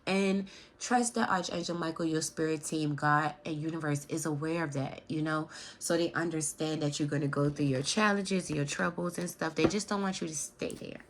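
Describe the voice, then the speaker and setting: A woman's voice: low-pitched, steady tone, moderate pace, slight background noise. Chatty woman in her thirties reading tarot. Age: 30s. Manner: chatty and affectionate, calls viewers baby. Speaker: tarot card reader. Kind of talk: casual pick-a-card tarot reading.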